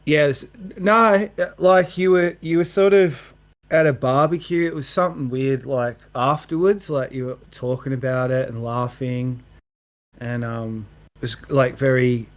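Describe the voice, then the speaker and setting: A man in a casual voice chat talking hesitantly, with many pauses and fillers. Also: medium pitch. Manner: hesitant, full of "like". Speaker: chat participant.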